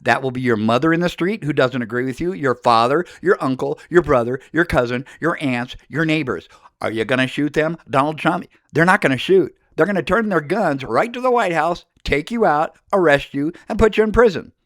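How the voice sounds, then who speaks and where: A man's voice: on the high side, lively intonation, a little fast, a bit bright, no echo, clean studio sound. A middle-aged man from the United States delivering an angry, emphatic political monologue that speaks directly to the listener. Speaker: political commentator.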